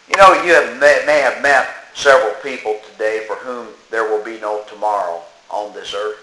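A man preaching a sermon, slow and emphatic, reciting verse and scripture and mimicking people mockingly. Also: lowish voice, bright, forceful tone. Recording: echoey room.

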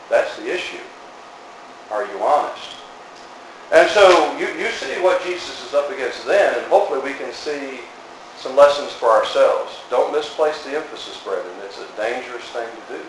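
A man's voice: mid-range voice, expressive, normal speed. A man preaching a sermon in an earnest, emphatic way, his voice rising on pointed questions. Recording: echoey hall, distant mic, faint noise.

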